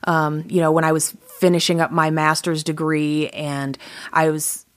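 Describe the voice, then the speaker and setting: A woman with a notably low voice tells personal stories as a guest. She chats freely, laughing often and restarting her sentences. The recording is close and dry, with no room sound. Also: flat delivery, moderate pace, no room sound. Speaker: podcast guest. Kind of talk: casual storytelling.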